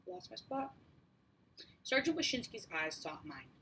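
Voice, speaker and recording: A woman narrating a first-person audiobook in a steady, measured way. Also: a little high, vocal fry, a little hiss or hum, low-quality recording. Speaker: audiobook reader.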